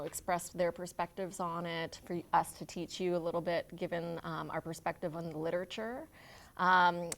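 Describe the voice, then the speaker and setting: Brief: a woman panel host, conversational, slightly low pitch, lecture room. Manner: friendly and conversational, many fillers. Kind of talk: introducing a live panel.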